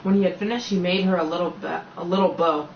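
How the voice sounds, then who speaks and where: A man's voice: high voice, fairly even intonation, quick pace, creaky, a little hiss or hum. A man reading a children's story aloud, unrehearsed, with frequent stumbles and restarts. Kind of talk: storybook read-aloud narration. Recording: roomy, slightly dull home recording.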